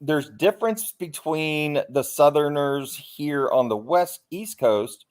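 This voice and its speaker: A man's voice: fairly high pitch, lively intonation, slow pace, a little mellow. A man, a livestream panelist chatting casually, rambling and joking and swearing freely. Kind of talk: casual stream chat.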